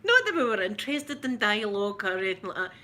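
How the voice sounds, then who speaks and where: A middle-aged Scottish woman chats to her live viewers in a rambling, giggly way, often restarting her sentences. Her voice is bright and forward, with a faint hum of background noise under it. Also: mid-range voice, very animated, fast. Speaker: ASMR livestream host. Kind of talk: casual live chat with viewers.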